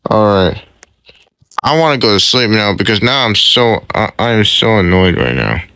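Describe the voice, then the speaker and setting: A man's voice: fairly low pitch, lively intonation, normal speed, bright, forceful tone, clear, resonant tone, no echo. A man playing a sad, stressed young male hero who rambles and repeats himself in a casual fan roleplay. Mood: gloomy.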